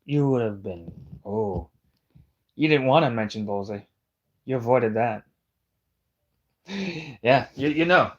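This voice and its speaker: A man's voice: medium pitch, animated, takes it slowly, pauses often, dull audio. A man delivering a heated, profane, combative callout rant on a livestream.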